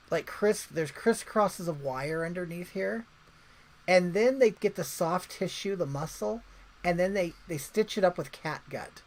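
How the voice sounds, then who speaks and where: Woman livestream host, chatty and rambling, lively swooping voice, reads out viewer comments. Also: fairly low pitch, rough recording. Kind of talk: casual livestream chat.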